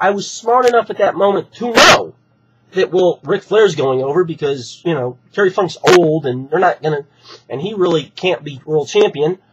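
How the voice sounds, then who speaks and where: A hoarse man, still recovering from being sick, ranting heatedly and with plenty of swearing in an opinion vlog. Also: high voice, noisy background. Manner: heated, profane, repetitive ranting. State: hoarse from recent illness. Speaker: wrestling fan vlogger. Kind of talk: opinion rant to camera.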